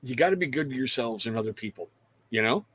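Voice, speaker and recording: A man's voice: mid-range voice, expressive, quick pace, fairly bright tone, breathy edge. Casual rambling male livestream host. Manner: rambling, reads out viewer names, swears casually. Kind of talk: casual livestream chat with viewers.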